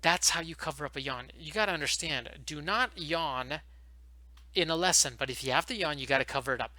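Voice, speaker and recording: A man talks quickly into a headset, coaching new online teachers with lively energy. His voice sits a little high and very bright. The sound is dry and close, with no room around it. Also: no echo. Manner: fast, animated, coaching tone. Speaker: online ESL teacher giving advice. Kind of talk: casual advice video.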